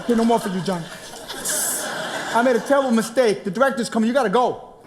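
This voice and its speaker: A man voicing a mischievous male stoner friend who talks in low, relaxed street slang. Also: quick pace, background noise. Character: laid-back male stoner buddy, mischievous.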